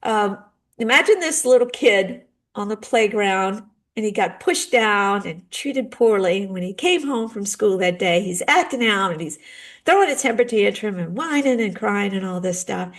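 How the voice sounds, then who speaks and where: A middle-aged woman and spiritual guide speaking in a gentle, earnest way about healing, now and then acting out little dialogues. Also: mid-range voice, unhurried. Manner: gentle, earnest, acts out short dialogues with lively shifts. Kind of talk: heartfelt talk on healing grief.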